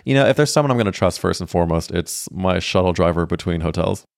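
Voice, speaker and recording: Campy, animated storytelling man, smooth voice. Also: low-pitched, quick pace, no room sound, studio quality. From St. Louis, Missouri, USA. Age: 30s. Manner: laughs mid-story. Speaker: podcast host. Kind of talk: solo podcast storytelling.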